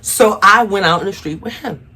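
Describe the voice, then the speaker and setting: A woman's voice: mid-range voice, moderate pace, pushed and bright, slight background noise. A young adult woman telling a personal story to her viewers in a casual, chatty way, often calling them y'all. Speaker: vlogger.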